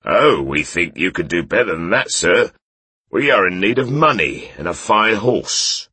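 A man's voice: low voice, lively intonation, a little slow, pushed and bright, breathy edge, no room sound, voice pushed up, exaggerated voice. A man doing a jeering bandit leader. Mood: mocking. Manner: mock-courteous, jeering. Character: menacing bearded bandit leader, mocking, polite.

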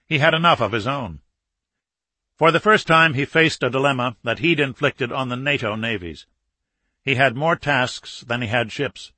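Male audiobook narrator, steady and measured, bright and forceful, close and dry. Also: mid-range voice, dry recording. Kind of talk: scripted narration.

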